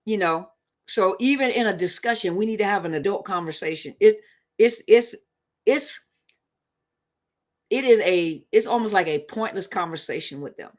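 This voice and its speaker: Woman doing a casual live stream, chatty and emphatic, middle pitch, keeps repeating herself for emphasis. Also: lively intonation, normal speed. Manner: conversational, emphatic, repeats points. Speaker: live-stream host on relationships.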